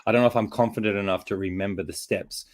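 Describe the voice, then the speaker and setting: Posing a figure as he hosts a casual conversation, a man talks fast in a fairly low, steady voice, full of fillers and restarts. He's recovering from a chest infection, and there is slight background noise.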